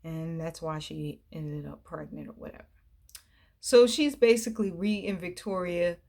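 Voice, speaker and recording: A woman vlogger recapping a TV drama in casual, animated chat, acting out characters' lines. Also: fairly low pitch, moderate pace, creaky.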